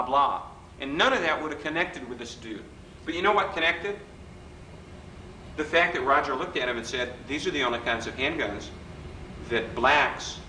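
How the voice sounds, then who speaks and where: A middle-aged man giving a live workshop lecture in a hotel function room, an animated, wisecracking storyteller who mimics the people in his stories. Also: mid-range voice. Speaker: workshop speaker. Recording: roomy hall recording with faint background noise.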